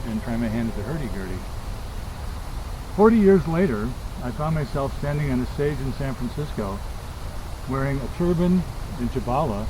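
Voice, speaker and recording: A man's voice: mid-range voice, noisy background. A man telling a reflective personal story as a eulogy at a memorial. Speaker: memorial speaker.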